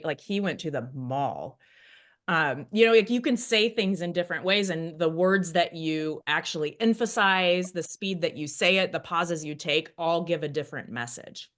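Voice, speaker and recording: Woman, real estate coach on a podcast, chatty and rambling, slightly low voice. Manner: rambling, animated, self-interrupting. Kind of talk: casual podcast discussion.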